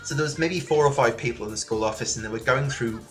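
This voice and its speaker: A man from near Liverpool in England, a guest telling his story in a relaxed interview, lively and full of restarts. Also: medium pitch, fast talker, faint music behind. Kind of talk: casual interview chat. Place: remote call from another country than the host.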